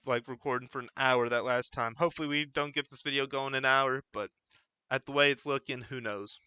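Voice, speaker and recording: Rambling man with a bright, smooth voice. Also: mid-range voice, no echo, dull audio. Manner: rambling, self-correcting, relaxed. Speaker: channel host. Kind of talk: casual solo vlog chat. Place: home room with a fan running.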